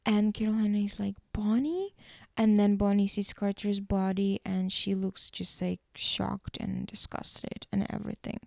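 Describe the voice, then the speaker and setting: A woman recapping a TV episode for a podcast, her mid-pitched voice carrying a gravelly, creaky edge. Her tone is mellow and dark, and the sound is close and dry, with no room echo. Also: monotone. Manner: retells scenes and acts out the characters' lines in quick shifting voices.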